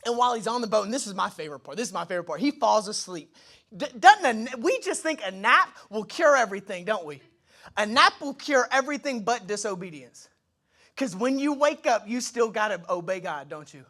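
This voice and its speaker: Guy preaching in church, high voice that jumps all over, chatty asides, acts out bits of dialogue. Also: a little fast. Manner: animated, acts out quoted dialogue in shifting voices, conversational asides. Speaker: pastor. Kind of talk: energetic sermon.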